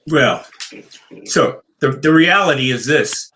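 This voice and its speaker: Man with a bright, mid-pitched voice. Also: expressive, slow pace, low-quality recording. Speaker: guest actor. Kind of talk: casual explanation.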